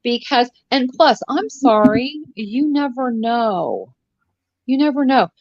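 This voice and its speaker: A woman's voice: fairly high pitch, animated, slow, darkish tone, no echo, highs cut off. A woman in her sixties co-hosting a live stream, ranting bluntly with profanity and sarcasm. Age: 60s. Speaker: co-host of a live commentary stream. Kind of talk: casual live-stream chat.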